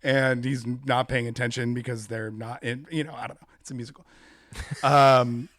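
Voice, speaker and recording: A man's voice: medium pitch, flat delivery, moderate pace, fairly bright tone, no room sound, clean studio sound. A young man co-hosting a podcast in casual chat, animatedly retelling movie scenes and acting out lines. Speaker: podcast co-host.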